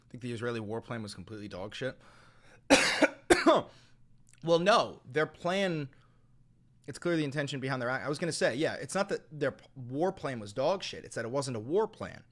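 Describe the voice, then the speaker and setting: A man's voice: mid-range voice, animated, fairly quick. A man hosting a live political stream, ranting in a heated, profane and mocking way.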